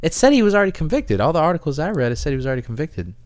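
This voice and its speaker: A man's voice: fairly high pitch, very animated, racing, darkish tone, no room sound, studio quality. An American man co-hosting a podcast, talking casually with profanity and laughter. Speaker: podcast co-host. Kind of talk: casual chat.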